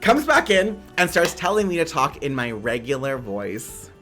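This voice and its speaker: A man from Canada hosting a stream interview, telling stories in an animated, campy way with a lot of likes. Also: mid-range voice, moderate pace, soft background music. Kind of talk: casual chat.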